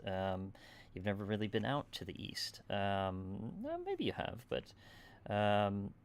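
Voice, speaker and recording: A man running a tabletop game as game master, narrating casually with many fillers and frequent "right?" check-ins. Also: on the low side.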